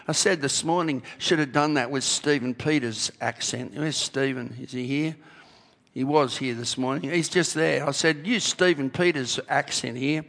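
Male preacher, raised voice with a rough edge, unhurried emphatic sermon delivery; reverberant church hall. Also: a little high, fairly bright tone. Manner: emphatic, rhetorical questions, repeats key phrases. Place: church sanctuary.

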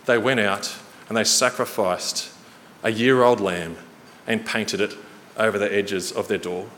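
A man preaching a sermon in a church hall, earnest and storytelling, slowing and quickening for emphasis. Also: on the low side, fairly even intonation, fairly bright tone. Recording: reverberant hall, faint noise.

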